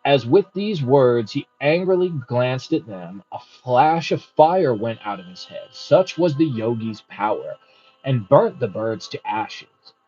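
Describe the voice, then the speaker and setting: A man's voice: medium pitch, sing-song, takes it slowly, dark tone, husky. A man hosting a book study, reading aloud unhurriedly and adding casual comments. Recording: muffled with faint music.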